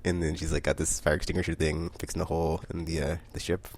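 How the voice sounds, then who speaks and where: A man's voice: a bass voice, little pitch movement, quick pace, a little mellow, slight background noise. A man casually recapping a comic book issue, rambling with many fillers and frequent laughter.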